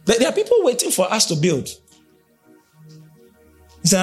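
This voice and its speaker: A man preaching a sermon, emphatic, swinging between shouts and low, intense speech. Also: wildly swooping pitch, moderate pace, pauses often, faint music behind. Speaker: prophet preaching.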